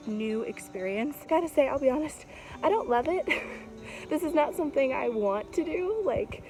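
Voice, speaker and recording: A young woman vlogging to her camera in casual chat, upbeat and quick to laugh, filming herself outdoors on a walk. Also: fairly high pitch, a little mellow, low-quality recording. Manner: chatty and upbeat, laughs often.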